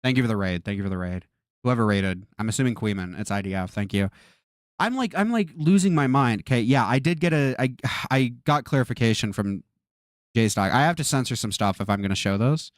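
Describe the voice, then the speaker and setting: A man's voice: mid-range voice, lively intonation, fairly quick, dry recording, studio quality. A man streaming a reaction, exasperated, swearing often and repeating himself. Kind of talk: live-stream reaction commentary.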